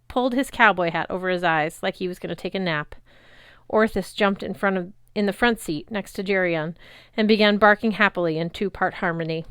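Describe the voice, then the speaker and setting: A woman reading a novel chapter aloud in a lively, expressive narrating voice on a close mic. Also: mid-range voice, clear, resonant tone, no room sound. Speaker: reader. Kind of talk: audiobook narration.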